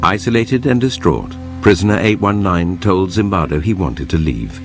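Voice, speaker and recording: A man narrating a documentary in a measured, grave, scripted delivery. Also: low-pitched, animated, faint music behind.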